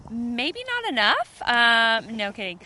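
A woman's voice: fairly high pitch, big pitch swings, slow, pushed and bright. A Southern American woman guest on a sports podcast, chatting lightly and cheerfully in short answers. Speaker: social media coordinator, guest. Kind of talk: casual podcast chat.

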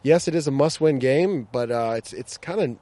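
An American man hosts a casual sports podcast outdoors at a training ground, speaking at normal speed with a medium-pitched, dark voice. He's upbeat and joking, using lots of fillers.

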